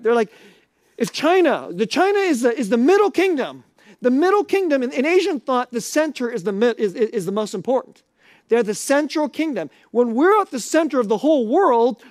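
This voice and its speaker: A man's voice: very high-pitched, darkish tone, no room sound, studio quality. A man preaching a sermon to a live audience in a conversational, questioning way.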